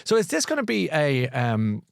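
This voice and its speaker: A man's voice: a little high, huge pitch swings, normal speed, gravelly, no room sound, clean studio sound. Chatty man hosting a live show. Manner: chatty and enthusiastic, with frequent restarts. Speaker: host of a live book and culture show.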